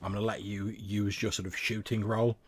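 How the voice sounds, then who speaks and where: A man's voice: fairly low pitch, little pitch movement, fairly quick, husky. A man narrating a tabletop game as game master, rambling with lots of fillers and restarts.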